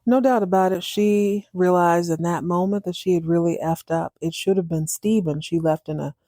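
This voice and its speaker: Woman, podcast host, animated chatter, mellow tone, dry close sound. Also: on the low side, moderate pace, no room sound. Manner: animated, acts out dialogue in different voices. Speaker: podcast host recapping a TV drama. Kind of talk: casual chat.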